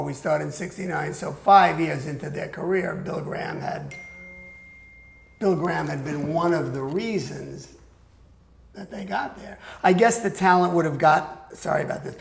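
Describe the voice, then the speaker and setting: Older man with a gravelly, high voice. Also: moderate pace. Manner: animated storyteller who acts out other people's voices. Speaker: guest recalling a music career. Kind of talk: anecdotal storytelling interview. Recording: echoey room.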